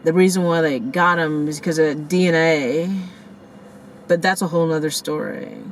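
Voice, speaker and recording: A woman vlogging in a casual storytelling style outdoors, shaken and in shock, talking fast and cursing as she retells a crash and acts out what people said. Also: deep voice, slight background noise, rough recording. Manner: profane, animated, rants and acts out quotes. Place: outdoors near a parking lot by the beach.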